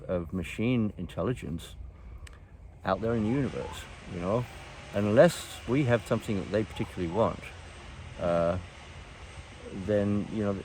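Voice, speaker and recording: An older man hosts, spinning loose, meandering stories with plenty of "you know" and little chuckles. His voice sits a bit low. A faint hum of night insects hangs behind him. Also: a little mellow. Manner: rambling, chuckles often, many fillers and restarts. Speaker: host. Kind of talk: casual reminiscing storytelling.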